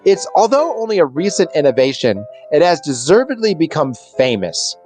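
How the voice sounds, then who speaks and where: A man's voice: a little high, sing-song, normal speed, a little mellow, faint music behind. A young man narrating a tabletop game as game master, rambling with many fillers and restarts.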